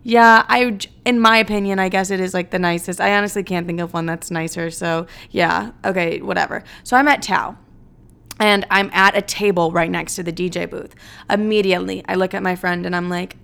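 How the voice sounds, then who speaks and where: A woman's voice: medium pitch, steady tone, a little fast, a bit bright. A young woman hosting a casual monologue, telling rambling stories, swearing freely and acting out what people said. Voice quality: vocal fry. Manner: chatty, rambling, swearing, acts out quotes.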